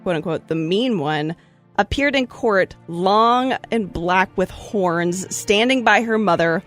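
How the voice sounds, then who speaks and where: Woman host chatting through a history story, mid pitch, faint music in the back. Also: slow. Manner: breezy, animated retelling with playful asides. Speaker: podcast host telling history stories. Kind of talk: casual storytelling chat.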